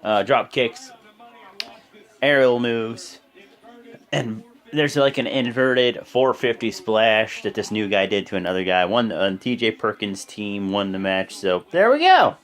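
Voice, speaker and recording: A man giving a casual, rambling recap of a wrestling show, excitable and swearing freely. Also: fairly low pitch, unhurried.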